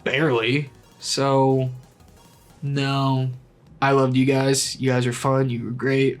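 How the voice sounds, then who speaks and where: A young man giving casual, opinionated movie ratings in a blunt, rambling way, swearing freely and breaking into animated asides. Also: medium pitch. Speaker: movie vlogger.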